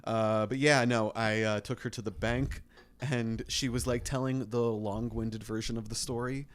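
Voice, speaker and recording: A man's voice: mid-range voice, steady tone, moderate pace. A man in his thirties co-hosting a podcast, telling a rambling comic story in casual chat. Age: 30s. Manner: rambling storyteller, acts out voices. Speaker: podcast co-host.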